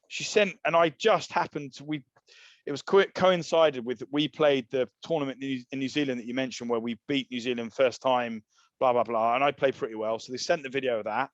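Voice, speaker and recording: A man's voice: mid-range voice, a little fast, dry recording. An Englishman rattles through a long, laddish anecdote with plenty of asides and restarts. His voice sits in a middling register. The recording is dry and a little muffled. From England. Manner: rambling, laddish, animated storyteller. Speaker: podcast guest, former rugby player. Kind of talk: casual storytelling chat.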